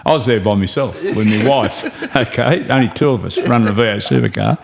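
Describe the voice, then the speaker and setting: Low-voiced Australian man spinning yarns. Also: expressive, fairly quick, gravelly, crowd noise. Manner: rambling anecdotes, chuckling while telling. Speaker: guest, racing driver. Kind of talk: casual storytelling chat.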